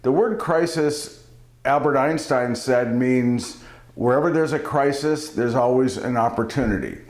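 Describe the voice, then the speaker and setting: A man's voice: medium pitch, unhurried, darkish tone, echoey room. A man giving a daily reflection as a preacher, telling a joke and then a homily, chuckling at his own jokes.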